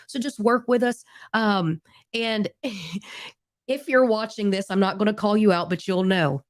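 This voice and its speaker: A woman's voice: medium pitch, a little slow, dry recording, studio quality. A woman in her thirties co-hosting a band podcast in a chatty, rambling, friendly way. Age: 30s. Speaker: band singer and podcast co-host. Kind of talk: casual podcast chat.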